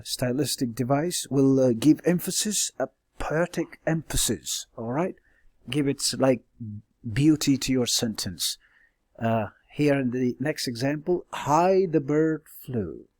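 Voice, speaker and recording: A man's voice: mid-range voice, darkish tone, dry recording. A male teacher giving a classroom lecture, explaining step by step with many fillers and frequent checks like "all right?". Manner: hesitant fillers and self-corrections. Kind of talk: classroom lecture on stylistic devices.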